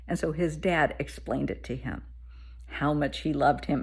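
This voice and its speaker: Animated woman storyteller, kinda breathy, chatty and earnest. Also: extremely low pitch, moderate pace. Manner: animated, warm-hearted storyteller. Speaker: therapist. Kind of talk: casual storytelling to camera.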